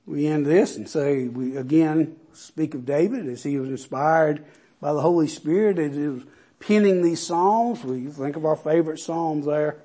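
A man's voice: on the high side, moderate pace, dark tone. A man preaching a sermon, reading scripture aloud with rising and falling emphasis.

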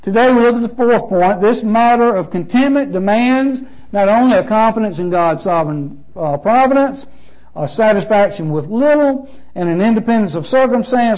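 A man's voice: high-pitched, expressive, moderate pace, darkish tone, lo-fi sound. A man preaching a sermon as pastor, emphatic and repeating phrases with shifting stress.

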